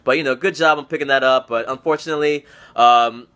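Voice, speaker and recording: A young man hosting a casual fantasy football league recap, profane and excitable, teasing his friends and repeating phrases for emphasis, talking indoors to camera. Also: medium pitch, quick pace, clean tone.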